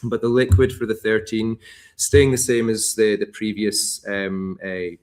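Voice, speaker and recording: Chatty Scottish man, low voice. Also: level tone, unhurried. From Scotland. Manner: chatty, rambling with restarts and fillers. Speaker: whisky brand ambassador. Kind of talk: casual tasting chat.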